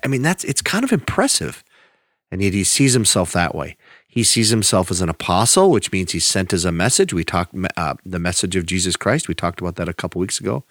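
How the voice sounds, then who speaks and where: A man preaching a sermon, teaching through scripture in a conversational way and reading verses slowly with emphasis. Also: deep voice, sing-song, fairly bright tone, dry recording, studio quality. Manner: conversational with restarts. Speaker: pastor.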